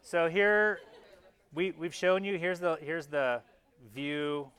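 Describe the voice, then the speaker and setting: A man's voice: fairly high pitch, takes it slowly, fairly bright tone, smooth. Casual, chatty male anatomy lecturer. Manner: casual and chatty, often restarts mid-phrase; points out parts on slides as he talks. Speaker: anatomy instructor. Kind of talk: classroom lecture.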